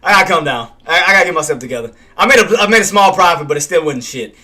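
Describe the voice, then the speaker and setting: Bright-voiced man, self-scolding trader. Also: fairly high pitch, animated, rapid-fire. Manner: swears at himself and talks himself down. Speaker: day trader streaming live commentary. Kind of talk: casual live trading commentary.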